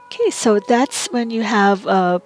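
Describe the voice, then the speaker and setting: A woman's voice: mid-range voice, a little slow, faint music behind. A woman teaching a language lesson, going through words one by one, repeating them patiently and checking in with "right?". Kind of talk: slow vocabulary lesson.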